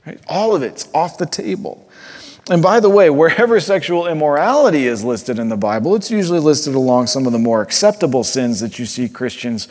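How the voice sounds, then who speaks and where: A man preaching a sermon with earnest conviction, dropping to a hush and then rising to fervent emphasis. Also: fairly high pitch, animated, a little fast. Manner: earnest, swings from hushed to fervent. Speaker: pastor. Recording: long hall reverb.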